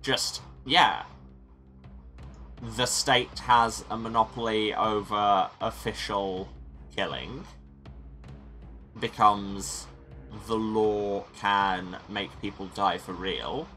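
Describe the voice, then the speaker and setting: A man with a bright, forceful voice hosts a let's play of a story game. He reads the narration and then muses aloud on his choices with wry humor, over faint music. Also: lowish voice, fairly even intonation, drawn-out words, pauses often. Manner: wry, musing commentary. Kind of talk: reading game text and commenting.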